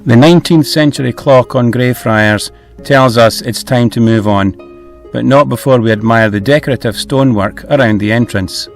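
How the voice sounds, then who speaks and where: A man's voice: mid-range voice, moderate pace. Man, travel vlog narration, easygoing, faint background music. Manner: easygoing, hesitant with fillers. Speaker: vlog host.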